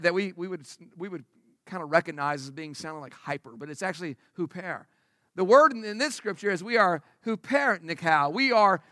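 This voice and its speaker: A high-pitched, bright-toned man delivers a sermon from the pulpit during a church service. He preaches emphatically but conversationally, leaning on rhetorical questions. His voice comes through close and dry. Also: no echo. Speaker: pastor. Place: church service before a congregation.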